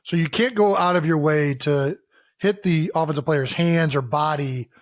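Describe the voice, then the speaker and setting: A man with a fairly high voice, co-hosting a podcast in casual chat. He talks things through earnestly and explains the rules carefully. The sound is dry and close, with no room echo. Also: normal speed. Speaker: podcast co-host.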